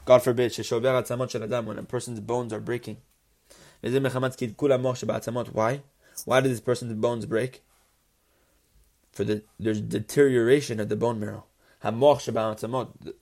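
A man giving a Torah lesson at a middle pitch, reading Hebrew phrases and translating each into English. He keeps asking "why?" and then answers himself. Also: fairly even intonation, moderate pace, a little mellow. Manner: poses rhetorical questions and answers them. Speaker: Torah teacher. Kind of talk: religious text lesson.

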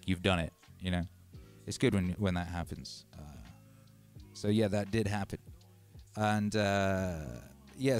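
A man hosting a DJ livestream, chatting casually and rambling between shout-outs to his viewers. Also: on the low side. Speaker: DJ and livestream host. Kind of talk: casual livestream chat over music. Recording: loud music playing under the voice.

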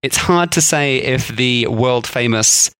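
A man's voice: mid-range voice, slow, fairly bright tone, clean tone, no room sound. Male podcast co-host, casual and rambling, dry close recording. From England. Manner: chatty, laughs often, rambling asides. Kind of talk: casual chat.

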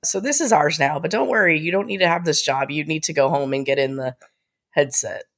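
Low-voiced woman recapping a TV episode. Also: fairly quick, fairly bright tone. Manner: laughs often while talking, thoughtful asides. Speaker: co-host. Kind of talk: casual TV recap chat.

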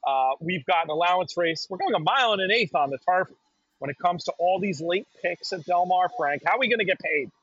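A man's voice: sits high, expressive, brisk, a bit bright, slightly rough, dry recording. A man co-hosting a horse racing talk, bantering and breaking down picks. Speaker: racing podcast co-host. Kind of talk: casual analysis chat. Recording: dry, dull lo-fi sound.

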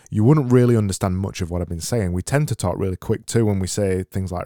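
Dry, sarcastic Yorkshire podcast host. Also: male voice, low-pitched, moderate pace, dark tone, no room sound. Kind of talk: casual solo podcast reading listener messages. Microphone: studio mic with mixer.

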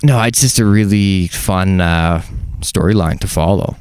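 A man's voice: sits low, measured pace, a little mellow, clear, resonant tone. A young man co-hosting a podcast in casual, joking chat. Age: young adult. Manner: joking, does impressions. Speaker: podcast co-host.

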